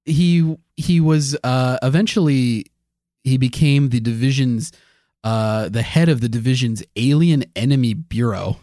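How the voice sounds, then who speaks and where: Man, podcast co-host, halting delivery, frequent laughter, mid pitch, dry recording. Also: warm tone, dry recording. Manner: halting, many filler sounds, quick to laugh. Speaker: podcast co-host presenting the history research. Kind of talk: casual podcast chat.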